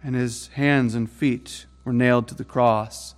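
A man preaching a sermon in an earnest way, rising to emphatic peaks and then dropping low and soft. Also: fairly even intonation, unhurried.

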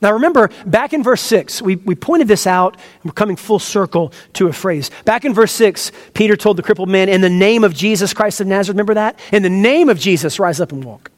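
A man with a high voice preaches an earnest, teacherly sermon. He leans on key words for emphasis and breaks off for asides to his listeners. His voice rings out with a long reverb, as in a church sanctuary. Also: lively intonation, fairly quick, few pauses. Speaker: pastor. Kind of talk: expository sermon.

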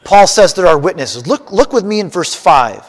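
A man teaching a Bible lesson to a class, animated and putting questions straight to his listeners. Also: high-pitched, moderate pace, big-room sound.

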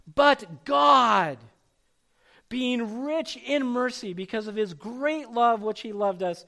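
A pastor preaching a sermon in a high-pitched male voice. He reads scripture and drives his points home with emphatic, rising calls. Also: a bit bright. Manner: preaching with rising intensity, calling out names.

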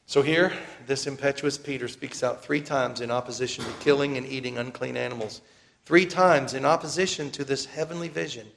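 A man preaching a sermon in an earnest, emphatic way, slowing down to repeat key phrases. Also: mid-range voice, creaky, a bit bright. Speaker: pastor.

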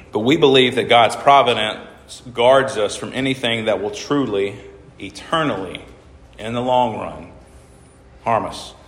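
A man preaching a sermon to a congregation, asking them questions and reading scripture aloud. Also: on the low side. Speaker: pastor. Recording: echoey hall reverb.

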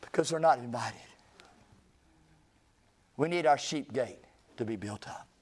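A man's voice: medium pitch, a little slow, slightly rough. A male pastor preaching a folksy, conversational sermon that builds into emphatic runs.

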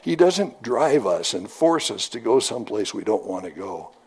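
A man's voice: fairly low pitch, big pitch swings, moderate pace, darkish tone, breathy edge. A middle-aged man preaching a sermon in a folksy, conversational storytelling manner, often repeating his phrases.

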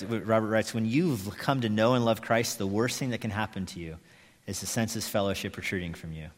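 A man preaching a sermon as pastor, telling a story and reading aloud, then closing in prayer. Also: medium pitch. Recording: long hall reverb.

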